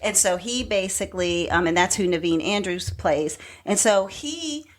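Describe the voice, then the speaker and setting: A woman co-hosting a relaxed entertainment podcast, retelling a story at length. Her delivery is animated: she acts out quotes and sometimes drops into a low, breathy near-whisper to mimic someone. The tone stays conversational and chatty. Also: normal speed. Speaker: podcast co-host. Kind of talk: casual chat.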